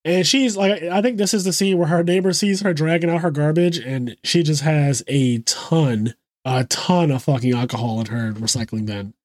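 A man with a fairly high voice recaps a show on a podcast, loose and profane. He acts out the characters' lines as he goes. The sound is dry and close. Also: normal speed, no echo. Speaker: podcast co-host.

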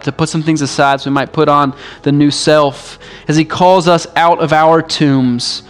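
A male pastor delivering a sermon in a relaxed, conversational way, often dropping in "like" as he speaks. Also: on the high side. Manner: casual, conversational preaching with frequent "like".

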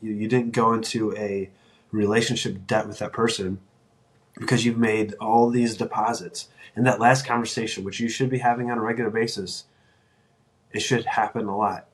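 A man's voice: lowish voice, flat delivery, moderate pace. A middle-aged man hosting a solo podcast, talking earnestly and encouragingly, often restarting his sentences. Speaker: podcast host.

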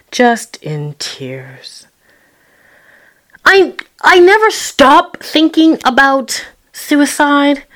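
A woman telling a personal story, expressive and acting out her own quoted words with sudden jumps in pitch and loudness. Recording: roomy echo.

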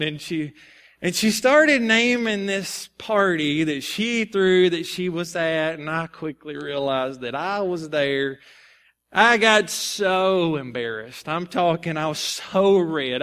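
A male preacher giving a sermon, telling a personal story and then reading and explaining scripture in an animated, conversational way. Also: a little high, moderate pace.

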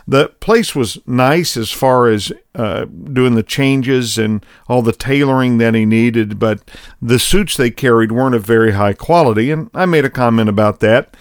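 A middle-aged man tells a story in a relaxed, folksy way, poking gentle fun at himself as it builds toward a spiritual point. His voice sits at an ordinary pitch for a man. The sound is dry and close, with no room around it. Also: no room sound. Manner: folksy, conversational, self-deprecating. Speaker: program host. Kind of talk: storytelling monologue with spiritual lesson.

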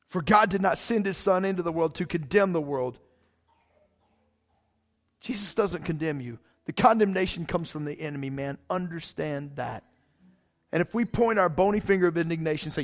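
A male pastor preaching a sermon in a casual, fired-up way, often saying "man". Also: fairly high pitch.

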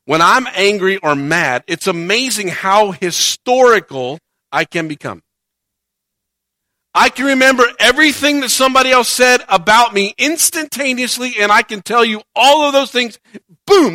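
High bright-voiced male preacher. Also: no echo, studio quality. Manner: conversational preaching, rising to emphatic points, acts out quoted voices. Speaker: pastor. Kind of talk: sermon.

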